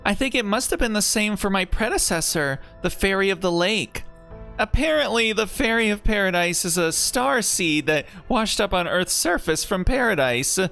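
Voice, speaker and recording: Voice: mid-range voice, animated, normal speed, vocal fry, fairly bright tone, soft background music, pitched above the performer's own voice. A streamer reading aloud the lines of a young female fairy from a game story, explaining things in a plain, matter-of-fact way.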